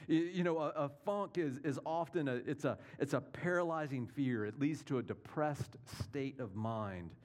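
Male pastor mid-sermon: chatty, leans on "right?" asides, moves between punchy emphasis and quiet. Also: a little high, normal speed, hardly any pauses. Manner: conversational, checks in with listeners with rhetorical questions.

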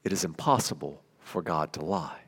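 A man preaching a sermon as pastor, animated and conversational, with everyday examples. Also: rumbling low, normal speed, breathy edge, long reverb tail.

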